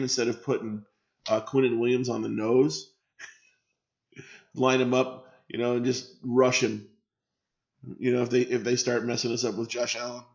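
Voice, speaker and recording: Man hosting a lo-fi live stream. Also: mid-range voice. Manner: chatty, reacting to viewer comments, swears freely. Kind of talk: casual live stream reaction.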